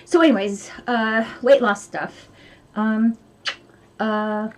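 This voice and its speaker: A woman's voice: fairly high pitch, steady tone, takes it slowly, pauses often, slight background noise. A woman vlogging from home in a rambling, chatty way, full of fillers. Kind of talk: casual chat to camera.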